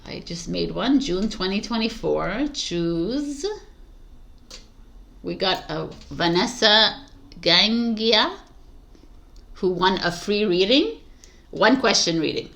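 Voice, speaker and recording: A woman's voice: medium pitch, creaky, a bit bright. A woman giving a casual, chatty tarot reading, addressing her viewers directly and laughing at her own slips. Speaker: tarot reader.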